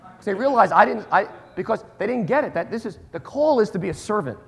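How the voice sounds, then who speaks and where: A male pastor preaching a sermon, animated, moving between hushed asides and loud emphatic bursts. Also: high voice, fast talker, gravelly, slightly rough.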